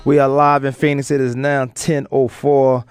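A man's voice: medium pitch, level tone, moderate pace, over loud music. A man hosting a live sports talk show, chatting loosely and joking, with lots of fillers and restarts. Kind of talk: casual sports radio chat.

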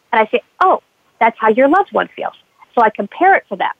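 Her voice is a little high with big pitch swings, and she talks fast. As an addiction counselor in an interview-style conversation, she animatedly tells stories and imitates her clients, heard on a dry, tinny phone-like line without echo.

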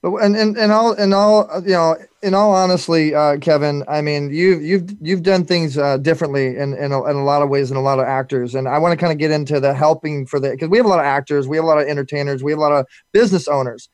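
A man hosting a casual interview, halting and often repeating his words. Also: a little high, dry recording. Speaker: host.

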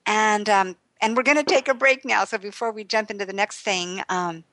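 A woman's voice: mid-range voice, moderate pace, pushed and bright, no room sound, poor audio. A woman hosting a radio talk show and interviewing a guest, reacting often and keeping the talk moving.

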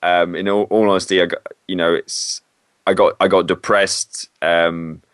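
A man speaks in a fairly low voice in a relaxed interview. He is candid and often halting as he corrects himself mid-sentence. The sound is dry and close. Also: clean tone, no echo. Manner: candid, hesitant, self-correcting. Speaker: guest, former PE teacher. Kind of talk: casual interview.

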